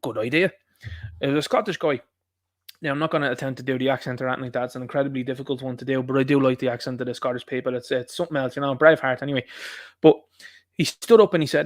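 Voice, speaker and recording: A man's voice: fairly high pitch, fairly even intonation, fast talker, a bit bright, no echo, clean studio sound. A man with an Irish accent hosting a live stream, ranting indignantly through a political monologue full of rhetorical questions.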